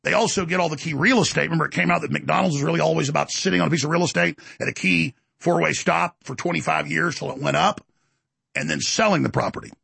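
Male talk host, middle-aged, husky and fried, heated emphatic monologue. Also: quick pace, a bit bright, no echo. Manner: heated, emphatic, acts out quotes in higher voice. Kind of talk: ranting monologue.

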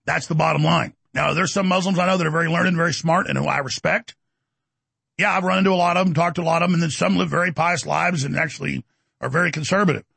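A man's voice: on the high side, fairly even intonation, fast talker, gravelly, slightly rough, no echo. A middle-aged man hosting a talk show, ranting in a combative, blustering way. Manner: combative, blustering, loud bursts. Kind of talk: heated talk show rant.

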